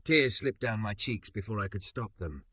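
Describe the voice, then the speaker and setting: A man narrating a first-person story with an expressive, emotional delivery. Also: on the low side, moderate pace, breathy edge, no echo, studio quality.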